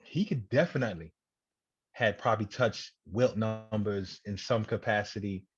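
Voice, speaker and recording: A man co-hosting a podcast, talking basketball casually and backing the others up with quick agreements. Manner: agreeable, backs others up with short affirmations. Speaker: podcast co-host. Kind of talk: casual sports debate. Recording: dull low-fi home podcast audio.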